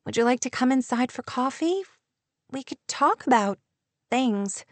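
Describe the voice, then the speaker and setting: A woman's voice: sits high, animated, measured pace, dry recording, pitched above the performer's own voice. A woman reading a playful young heroine. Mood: shy.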